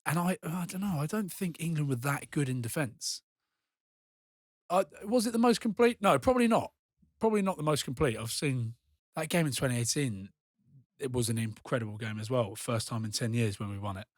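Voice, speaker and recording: A man with a medium-pitched voice briskly and animatedly talks through rugby match action, like a former player in a casual podcast chat. The sound is dry and close, with no room echo.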